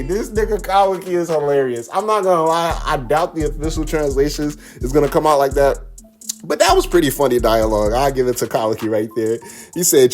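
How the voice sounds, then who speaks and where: A man's voice: mid-range voice, normal speed, darkish tone. A man giving casual, slangy reaction commentary on manga spoilers and talking straight to his chat. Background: faint background music.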